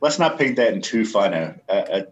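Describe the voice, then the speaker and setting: Very deep-voiced casual man. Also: big pitch swings, brisk, dull audio. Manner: laid-back, swears freely. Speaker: podcast co-host. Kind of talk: casual music review chat.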